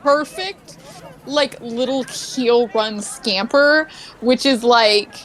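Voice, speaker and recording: Rambling woman player, slightly high voice. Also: slow, fairly bright tone, a little hiss or hum, rough recording. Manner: rambling, filler-heavy. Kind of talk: casual tabletop play.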